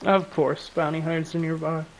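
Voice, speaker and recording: Male game streamer, slightly higher voice, relaxed and chatty with viewers. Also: moderate pace, rough recording. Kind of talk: casual gameplay stream talk.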